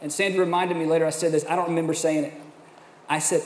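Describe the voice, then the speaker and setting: A middle-aged man, a pastor, telling a personal story in a sermon with animated, self-mocking delivery. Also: fairly high pitch, fast talker. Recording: echoey hall, faint room noise.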